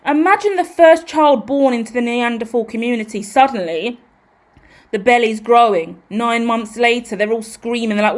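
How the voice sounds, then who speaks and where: A woman hosting a tarot channel, talking in a loose, rambling monologue. Her voice sits a little high. She swears a lot and throws herself theatrically into every point. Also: moderate pace. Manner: animated, profane, theatrical.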